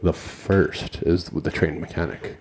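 A man's voice: deep voice, takes it slowly, a little hiss or hum. A man from Canada co-hosting a podcast, running a trivia game with friends. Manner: lively, shouts game results. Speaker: podcast co-host. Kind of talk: casual chat.

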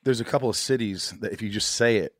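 An American man with a low voice hosts a podcast. He talks in a loose, rambling way and keeps joking. The recording is dry and close, with no room sound. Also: quick pace, no room sound. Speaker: podcast host. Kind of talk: casual interview chat.

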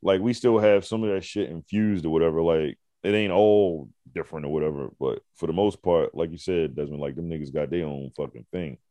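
A man's voice: sits low, fairly quick, few pauses, dark tone, dry recording. A man, co-hosting a casual, profane podcast chat and mimicking people now and then. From Baltimore. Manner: laid-back, swears freely, slips into mimicking others. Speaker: podcast co-host.

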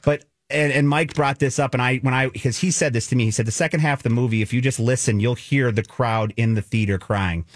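A man co-hosting a radio talk show, chatting casually and retelling a film with quick asides. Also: medium pitch, dry recording. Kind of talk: casual chat.

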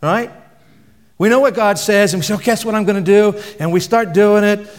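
A man's voice: high voice, steady tone, moderate pace. A man preaching a sermon in a conversational way, asking the audience questions and dropping his voice for emphasis. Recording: long reverb from a hall.

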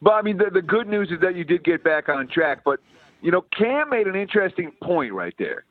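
Wry guy guesting on a betting show, teasing the hosts, bit high voice, muffled lo-fi sound. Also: very animated, a little fast, no echo. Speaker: sports betting analyst guest. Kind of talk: casual sports betting chat.

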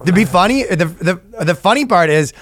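A man's voice: high voice, expressive, moderate pace, a bit bright. A man co-hosting a comedy podcast, chatting casually with crude jokes, rambling and laughing often. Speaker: podcast co-host.

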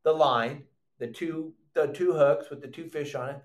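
Animated older man hosting a fishing show. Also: fairly high pitch, normal speed, echoey room. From Southern California. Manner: animated, loud, surfer slang. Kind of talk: live fishing instruction.

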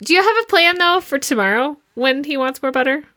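A woman's voice: sits high, expressive, a little fast, pushed and bright, no room sound, clean studio sound. A woman co-hosting a parenting podcast in casual chat, laughing often between remarks. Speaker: podcast co-host.

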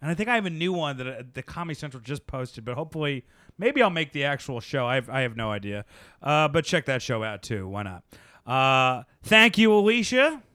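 A man's voice: medium pitch, animated, a little fast, sharp tone, dry recording, clean studio sound. A man hosting a podcast as a stand-up comedian, rambling and self-deprecating, swearing often in casual chat.

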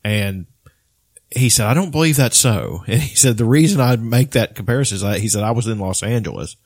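A man's voice: lowish voice, brisk, slightly rough, dry recording, clean studio sound. A man in casual podcast chat, telling rambling stories full of restarts and swearing. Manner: rambling storyteller, swears often, many restarts.

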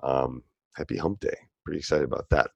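A man's voice: extremely low pitch, fairly even intonation, fairly quick, gravelly, slightly rough, no echo, muffled recording. A man doing a sponsor read for a coaching podcast, speaking earnestly and with emphasis.

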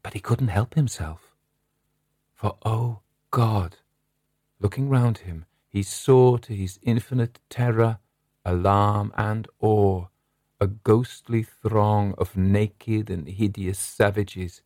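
A man narrating a Victorian horror story in a slow, dramatic, drawn-out delivery. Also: fairly low pitch, darkish tone, no echo, clean studio sound.

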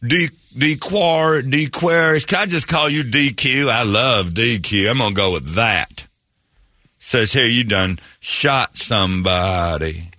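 A man's voice: medium pitch, slow, sharp tone, no echo, studio quality. Man putting on a cocky hillbilly know-it-all. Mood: folksy. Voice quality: drawling, folksy, overconfident. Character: boastful hillbilly man, doctor then lawyer. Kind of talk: radio comedy bit.

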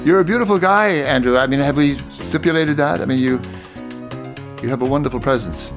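A man's voice: fairly high pitch, a little fast. A man hosting a podcast, closing an interview with effusive thanks and praise for his guest. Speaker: podcast host. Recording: voice with music playing underneath.

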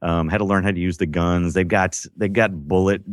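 Man, low voice, casual gaming chat, rambling, dry recording. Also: a little fast, dry recording. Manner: rambling, animated storytelling with acted-out quotes. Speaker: podcast co-host.

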